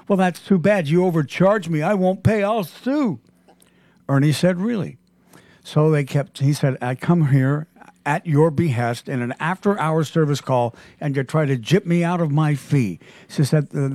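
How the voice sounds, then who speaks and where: Animated radio co-host telling a story. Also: male voice, mid-range voice, no room sound. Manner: animated storyteller acting out quotes. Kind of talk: storytelling on a radio talk show.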